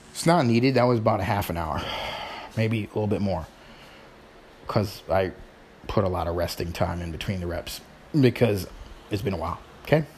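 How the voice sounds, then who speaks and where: A man's voice: on the low side, a little mellow, slight background noise. A middle-aged man hosting his show in casual chat, rambling informally with sighs and restarts. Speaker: podcast host.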